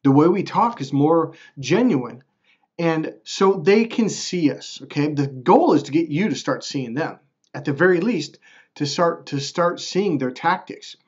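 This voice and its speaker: Guy talking straight to camera about self-help stuff, kinda high voice, acts out what people said, dull lo-fi sound. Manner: animated, acts out quotes in a raised voice. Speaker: self-help video host. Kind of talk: casual direct-to-camera talk.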